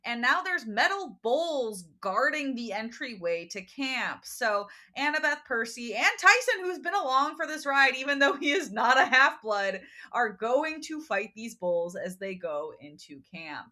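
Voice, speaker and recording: Woman co-host, bright and lively, laughs easily while recapping a book in casual chat. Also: fairly high pitch, unhurried, few pauses. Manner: animated, laughing, acts out quotes. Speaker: podcast co-host.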